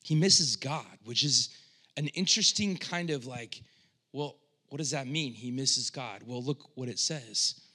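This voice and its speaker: A male pastor delivers a sermon in a bright, forward voice. He talks in a loose, conversational way, then drops to a hush before rising into fervent, loud appeals. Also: measured pace, husky. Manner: swings from hushed, low delivery to loud impassioned cries; conversational, with frequent "like" and restarts.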